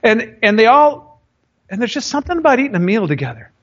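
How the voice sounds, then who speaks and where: A middle-aged man preaches a sermon in a high, lively voice, telling stories and joking with his listeners. The recording is dull and lo-fi. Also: fast talker. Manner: animated, joking storyteller. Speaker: pastor.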